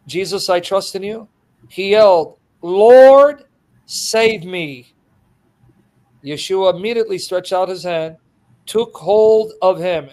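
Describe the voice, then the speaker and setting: An animated male preacher delivers an expository sermon in a high voice. He breaks into laughter and acts out the scenes as he retells them. His delivery swings between loud, excited bursts and quiet asides.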